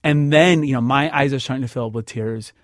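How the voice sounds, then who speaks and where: A man's voice: medium pitch, a little fast, dry recording. A man recounting a personal story with lots of stammers and repeated words, acting out what others said. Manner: stammers and repeats words, acts out quoted voices. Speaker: interviewee telling a personal story. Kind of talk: emotional first-person storytelling. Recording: dry close studio sound.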